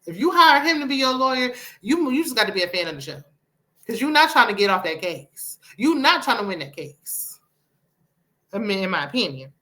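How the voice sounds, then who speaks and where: A woman's voice: a little high, very animated, brisk, pushed and bright. A woman, giving sassy, opinionated casual commentary on a reality show and talking back at the screen.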